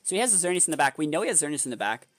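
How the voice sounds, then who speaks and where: Animated young man muttering game strategy. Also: fairly high pitch, rapid-fire, dry recording. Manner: analytical, muttering strategy to himself, then bursting into exasperated outbursts. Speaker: competitive game player and video creator. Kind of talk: thinking-aloud gameplay commentary.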